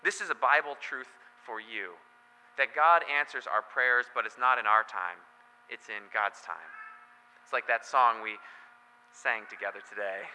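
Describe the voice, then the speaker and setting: A man's voice: medium pitch, a little slow, sharp tone, a little hiss or hum. A man as pastor preaching a sermon in a church, telling the story in a conversational way with joking asides. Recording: long hall reverb.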